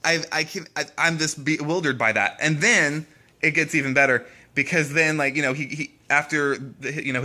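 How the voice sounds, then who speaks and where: A man's voice: mid-range voice, a bit bright. A young man vlogging straight to camera in casual talk, emotional and upset, swearing often and restarting his sentences. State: upset, shaken. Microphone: camera mic, face-to-face video.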